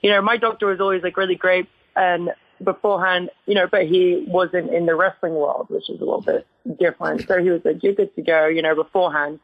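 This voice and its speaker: A woman's voice: lowish voice, steady tone, a little fast, hardly any pauses, dry recording. Woman, English accent, chatty, filler-heavy storyteller, phone-quality sound. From England. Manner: chatty storyteller with constant "like" fillers and frequent laughs. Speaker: retired wrestler, guest. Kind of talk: casual interview chat. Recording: tinny phone-like line, dry.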